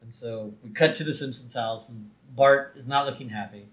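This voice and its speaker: A man's voice: medium pitch, steady tone, moderate pace, a bit bright, reverberant. A man co-hosting a podcast, casually retelling a cartoon episode and acting out its lines in funny voices. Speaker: podcast co-host.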